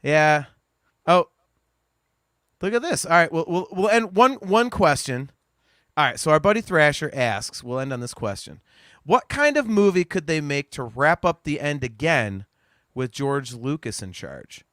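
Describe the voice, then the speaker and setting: A male podcast co-host speaks in a fairly high, sing-song voice with a fairly bright tone and measured pace. His casual chat is rambling and full of restarted sentences and free swearing, in clean studio sound without echo.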